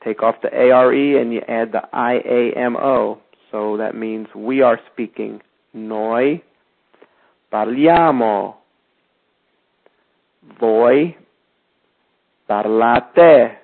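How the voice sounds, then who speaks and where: A male teacher walks beginners through verb endings at a very unhurried pace, stressing each form with patient care. His voice sits at a middling pitch. The recording is thin and tinny, like a phone line. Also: steady tone, gravelly. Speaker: language teacher. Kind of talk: slow step-by-step language lesson.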